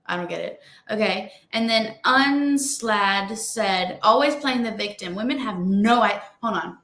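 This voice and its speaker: A woman's voice: mid-range voice, animated, a little slow, fairly bright tone. A young woman co-hosting a podcast in casual chat, blunt and heated, swearing often. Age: young adult. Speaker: podcast co-host. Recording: echoey room.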